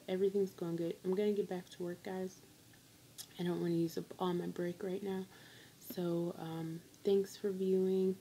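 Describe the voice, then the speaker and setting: A woman's voice: fairly low pitch, warm tone, a little hiss or hum, rough recording. A woman talking casually in a rambling vlog update with many fillers and restarts. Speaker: vlogger. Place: on a work break.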